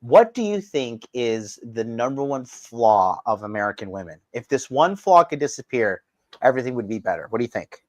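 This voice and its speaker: A man hosting a live stream, ranting crudely and mockingly, his voice swinging from loud outbursts to low mutters. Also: very animated, moderate pace, no echo. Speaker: livestream host. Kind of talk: crude provocative livestream rant.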